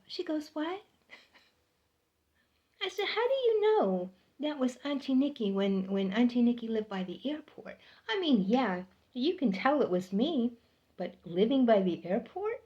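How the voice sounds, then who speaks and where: A middle-aged woman telling a personal story in a casual, unhurried way, getting animated when she quotes people and laughing between lines. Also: fairly high pitch, dull audio. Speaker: storyteller sharing personal experiences.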